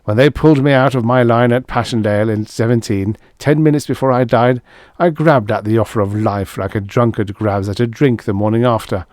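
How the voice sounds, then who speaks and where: A man with a low voice voicing a bitter First World War soldier who rants hoarsely and loudly in an audiobook. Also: no room sound. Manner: hoarse, loud ranting that keeps rising. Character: raving shell-shocked WWI soldier, bitter and wild.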